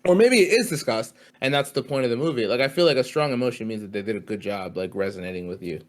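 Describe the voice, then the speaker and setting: A young man in his twenties co-hosting a podcast, telling stories in a chatty, animated way. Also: mid-range voice, quick pace. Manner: chatty, animated storytelling with laughter. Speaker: podcast co-host. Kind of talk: casual chat.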